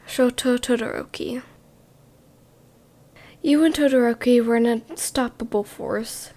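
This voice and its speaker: A woman narrates in a whispered role-play, speaking to the listener as "you". Her hushed voice sits a bit high and carries a gravelly fry. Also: a little slow. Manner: hushed second-person narration. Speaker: storyteller.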